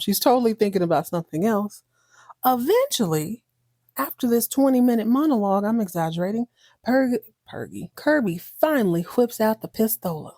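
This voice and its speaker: A woman's voice: fairly high pitch, expressive, normal speed, mellow, no room sound, clean studio sound. Wisecracking woman recapping a soap. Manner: sarcastic, jokey, chatty. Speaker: podcast host. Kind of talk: casual TV recap.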